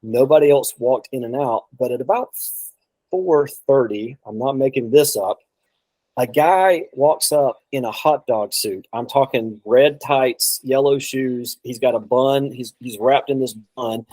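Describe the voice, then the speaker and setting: A man's voice: medium pitch, a little slow, darkish tone, dry recording, poor audio. A man telling a long road story in a casual chat, rambling, with many restarts and quoted asides. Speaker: guest drummer.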